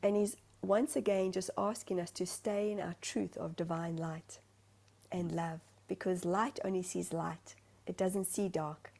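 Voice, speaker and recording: A South African-born woman medium shares her thoughts over a video call. Her voice is gravelly and mellow, and she talks in an earnest, searching way. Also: fairly low pitch, fairly even intonation, measured pace. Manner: earnest, searching for words, breathy asides. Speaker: spiritual medium, guest. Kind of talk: heartfelt conversational sharing.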